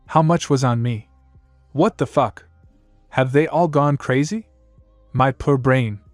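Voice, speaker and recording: A man's voice: medium pitch, slow pace, dry recording, soft background music. Man reading fan fiction, wry and grumbly. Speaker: narrator.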